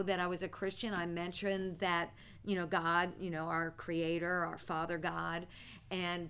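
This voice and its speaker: A woman teaching a ministry class, telling stories in an animated way and often breaking into laughter. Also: fairly low pitch. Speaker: church teacher.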